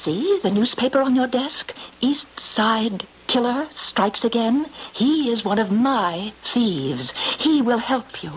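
An actress playing a commanding, taunting thief-queen spirit in an old radio drama, speaking slowly and hypnotically with whispered asides. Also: fairly high pitch, lively intonation, slightly rough, full character voice. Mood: menacing. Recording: dull lo-fi old radio recording.

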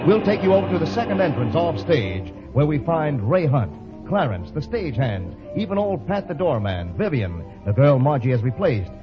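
A man's voice: a little high, sing-song, normal speed. A man narrating a 1930s radio serial in a dramatic, inviting way. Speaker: announcer and narrator. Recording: dull old radio recording with music.

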